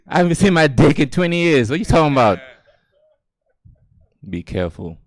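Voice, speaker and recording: A man's voice: a little high, very animated, moderate pace, pauses often. A man from Gambia with a Gambian accent doing a loose, profane stand-up set on an outdoor stage, laughing at his own jokes. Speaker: stand-up comedian. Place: outdoor stage under string lights.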